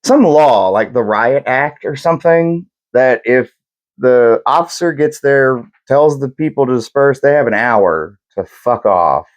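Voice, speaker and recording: A man's voice: medium pitch, animated, measured pace. A young man co-hosting a podcast, telling history casually in a rambling, profane way and acting out what people said. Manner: profane, rambling storyteller, acts out quotes. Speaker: podcast co-host.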